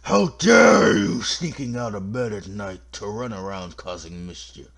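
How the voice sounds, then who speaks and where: A man voicing a stern, furious ghost in a video game, scolding children in a slow, drawn-out way. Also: lowish voice, sing-song, gravelly, background noise, exaggerated voice.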